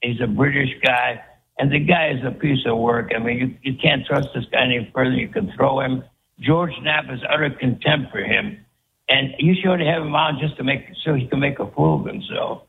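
A man's voice: medium pitch, moderate pace, vocal fry, slightly rough. A man calling in from California to a talk show, talking in an emphatic, scornful way. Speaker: caller. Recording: tinny phone line.

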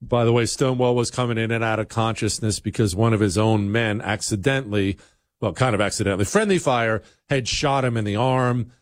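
A man's voice: on the low side, brisk, no echo. Blunt, emphatic male talk radio host.

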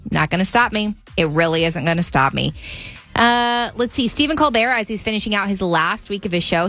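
A woman with a Minnesotan accent hosting a radio entertainment segment, chatting excitably about celebrity news with lots of "like" fillers. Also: mid-range voice. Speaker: radio host.

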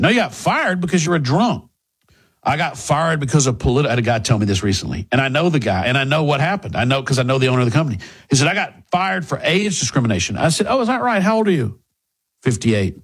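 A man hosting a talk radio show, delivering an indignant monologue full of mocking rhetorical questions, with a husky voice. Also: medium pitch.

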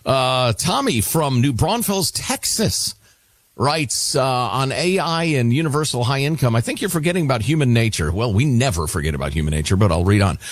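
A middle-aged man hosting a radio talk show, reading listener emails aloud with quick, wry asides. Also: medium pitch, lively intonation, no echo.

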